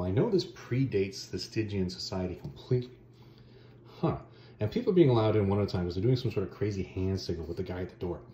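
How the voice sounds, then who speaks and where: A middle-aged man casually retelling a comic story as a reviewer, animated and dropping into quick character voices. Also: fairly low pitch, echoey room, muffled recording. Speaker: YouTube book and comic reviewer.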